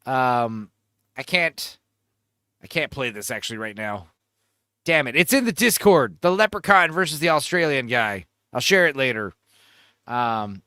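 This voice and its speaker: A man's voice: mid-range voice, sharp tone, dry recording, clean studio sound. A man hosting a livestream, telling crude, rambling stories in casual chat. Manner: crude, rambling, joking storyteller. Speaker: livestream host.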